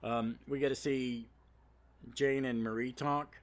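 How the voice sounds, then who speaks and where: A man's voice: mid-range voice, fairly even intonation, a little slow. A man hosting a podcast, giving a casual, rambling comic book review full of asides and fillers. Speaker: podcast host.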